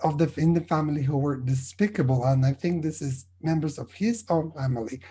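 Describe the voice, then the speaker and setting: A man serving as a spiritualist medium, delivering spirit messages at a service in an earnest, halting way, often checking in with his listeners. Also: fairly high pitch, mellow, breathy edge, rough recording.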